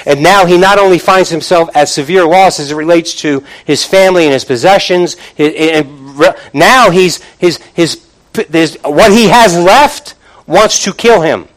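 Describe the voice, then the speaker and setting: A man preaching a sermon, emphatic and repetitive, often dropping to a low, quiet voice and calling out questions to the congregation. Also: a little slow, rough recording.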